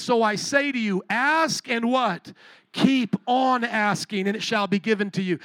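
A pastor preaching a sermon at a church service, energetic and playful, calling out to the congregation and repeating key phrases for them to answer. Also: male voice, very high voice, no room sound. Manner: energetic call-and-response preaching, playful asides.

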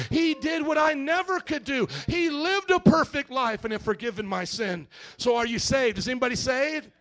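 A middle-aged male pastor preaching a sermon, calling out to the congregation and rising to shouts. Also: very high-pitched. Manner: call-and-response, rising to shouts.

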